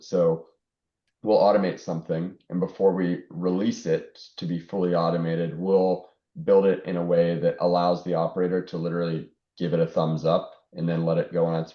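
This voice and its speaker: A man on a webinar panel, explaining step by step in a thoughtful, steady way with fillers, on dull, echoey audio. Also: low voice. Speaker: panelist, technology and forwarding executive.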